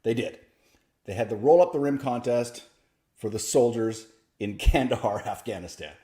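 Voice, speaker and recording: A man, a comedian telling stories in a stand-up set, with a dry, deadpan delivery that breaks into lively bursts. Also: mid-range voice, moderate pace. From Canada. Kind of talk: stand-up storytelling. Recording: echoey room.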